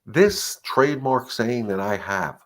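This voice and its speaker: A middle-aged dog trainer hosts a live-stream Q&A, giving advice in an earnest, emphatic way and repeating his points. He acts out dogs and owners in quick asides, and his medium-pitched voice is animated.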